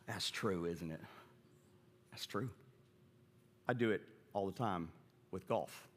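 A man's voice: on the low side, big-room sound. A middle-aged man preaching a sermon to his church. He talks casually, then acts out the quoted lines with big jumps in his voice. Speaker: pastor. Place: church sanctuary.

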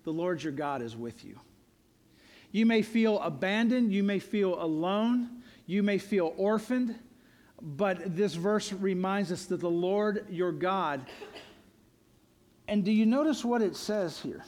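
Male pastor, high voice, earnest emphatic sermon delivery with repeated refrains. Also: animated, slow, darkish tone.

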